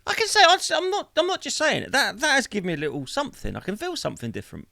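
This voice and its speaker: Male host, bright, excitable, rambles. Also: extremely high pitch, rapid-fire, gravelly, no room sound, studio quality. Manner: rambling, self-interrupting, excitable. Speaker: podcast host. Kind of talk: casual podcast conversation.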